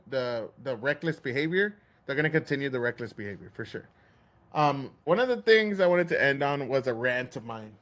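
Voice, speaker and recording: A man's voice: fairly high pitch, a bit bright. A man hosting a podcast, ranting in casual, profane chat and acting out store clerks' lines. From Texas. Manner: heated, swearing, acts out store clerks. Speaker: podcast host.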